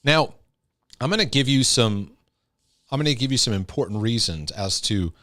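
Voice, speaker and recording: A man's voice: mid-range voice, a bit bright, no room sound, clean studio sound. A man giving an earnest, emphatic teaching talk on healing, sometimes acting out scolding parents. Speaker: Christian teacher and speaker.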